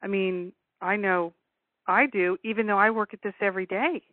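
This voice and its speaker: A woman's voice: mid-range voice, fairly even intonation, moderate pace, dry recording. A woman hosting a teleclass, agreeing and reflecting on her own practice. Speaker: host of the class. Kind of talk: teleclass conversation. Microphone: telephone. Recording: tinny phone line.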